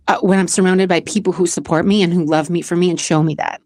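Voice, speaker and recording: A woman's voice: lowish voice, steady tone, quick pace, hardly any pauses, darkish tone, no echo, studio quality. A woman in her forties hosting a podcast, chatting casually and emotionally as she answers question cards, rambling with restarts. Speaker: podcast host.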